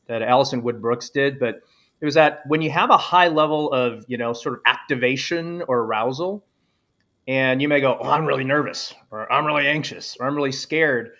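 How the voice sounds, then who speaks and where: A man who gives keynotes and coaches leaders, chatting casually in a live panel and acting out quoted self-talk with lively energy. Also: medium pitch, moderate pace.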